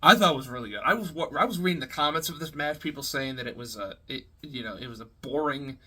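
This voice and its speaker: A man giving a casual, rambling spoken review, heavy on swearing, fillers and quick laughs. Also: mid-range voice, sharp tone. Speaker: wrestling reviewer.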